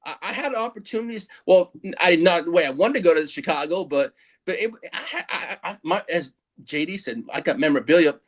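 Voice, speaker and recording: A man's voice: fairly high pitch, brisk. A middle-aged man co-hosting a casual livestream chat, telling rambling stories with lots of laughs. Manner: rambling, animated storytelling with laughs. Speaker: show co-host.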